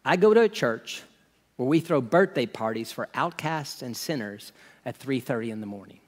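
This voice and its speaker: A visiting preacher who talks low and coaxing, as if sharing a plan in confidence, as a man plays him in his sermon. The voice hangs in a long hall reverb. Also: lively intonation, moderate pace, close to an everyday voice. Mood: quiet. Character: earnest visiting male preacher, gently persuasive.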